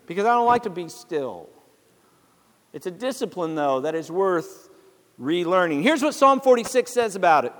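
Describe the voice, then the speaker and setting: A man's voice: high-pitched, big pitch swings, moderate pace, long reverb tail. A male pastor preaching a sermon in a church, speaking conversationally and calling out to the congregation for responses. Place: church sanctuary.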